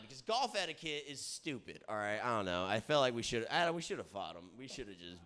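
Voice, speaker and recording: A young man telling a rambling, profanity-laced story in a casual chat, often checking in with "all right?" and getting loud when he gets worked up. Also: mid-range voice, quick pace, hardly any pauses. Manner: rowdy, swearing, keeps saying "all right?" and "dude"; gets loud and excited at times. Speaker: comedy podcast host.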